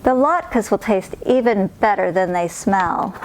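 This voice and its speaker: A woman voicing a kindly, chatty old grandmother in a storybook, cheerful and doting, gently scolding. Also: mid-range voice, animated, unhurried, slight background noise, natural voice, poor audio. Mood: welcoming. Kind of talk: storybook character voice.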